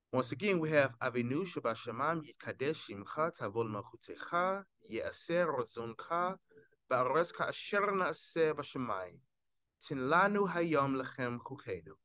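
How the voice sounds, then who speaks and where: Bright-voiced man teaching casually. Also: medium pitch, no echo. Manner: relaxed, loose delivery with many fillers; slow, careful reading of Hebrew prayer. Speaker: Hebrew teacher. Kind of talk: casual spoken lesson.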